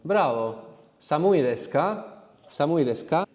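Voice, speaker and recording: A man teaching a live language workshop, explaining slowly and prompting his students to answer. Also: on the high side, lively intonation, a little mellow, in a large hall. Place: room with students.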